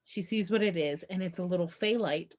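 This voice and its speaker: A woman co-hosting a casual book podcast, retelling the plot in an animated way and quoting the characters. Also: fairly low pitch, brisk. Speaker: podcast co-host.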